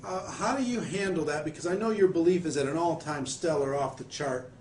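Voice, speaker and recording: A fairly high-voiced man hosts the interview in a coaching manner, building long questions for his guest. The room adds a noticeable echo, and faint background noise sits under his voice. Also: fairly quick, darkish tone. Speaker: interviewer, network marketer. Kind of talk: conversational interview.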